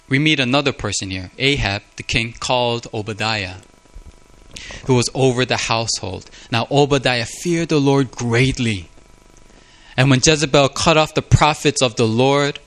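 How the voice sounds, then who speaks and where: Gravelly-voiced man preaching earnestly. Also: mid-range voice, fairly bright tone. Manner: earnest, confessional, with frequent repeated words. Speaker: pastor. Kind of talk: sermon.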